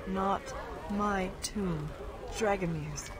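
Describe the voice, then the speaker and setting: An actress voicing a strange, distant woman in a game, speaking in terse, halting, clipped phrases. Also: mid-range voice, crowd noise.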